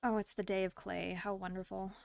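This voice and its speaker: A woman's voice: mid-range voice, little pitch movement, brisk, creaky, dry recording. A woman streamer chatting casually while playing a farming game, rambling and laughing often, with the hiccups. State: has the hiccups. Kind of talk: casual gameplay chat.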